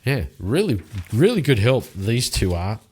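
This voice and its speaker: A man narrating his solo tabletop role-playing game, telling the fight with lively sound effects. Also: mid-range voice, unhurried, husky. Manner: animated storytelling with sound effects.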